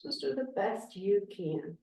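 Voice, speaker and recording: A woman yoga instructor giving slow, calm spoken cues through a class. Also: mid-range voice, far from the mic. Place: yoga studio. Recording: echoey room, voice from afar.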